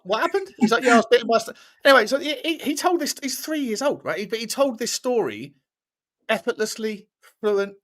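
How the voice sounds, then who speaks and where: A man's voice: sits high, fairly bright tone. A man co-hosting a casual podcast chat, skeptical and telling stories with a laugh. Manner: skeptical, storytelling, laughs often. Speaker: podcast co-host.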